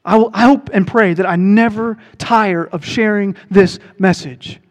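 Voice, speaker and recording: A man preaching a sermon as pastor, swinging between loud proclaiming and quiet earnest stretches. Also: sits high, a little slow, few pauses, big-room sound.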